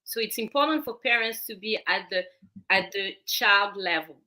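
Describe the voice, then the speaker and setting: A woman's voice: mid-range voice, normal speed, bright, forceful tone. A woman with a French accent, a parenting expert guest on a talk show, explaining earnestly and often repeating words.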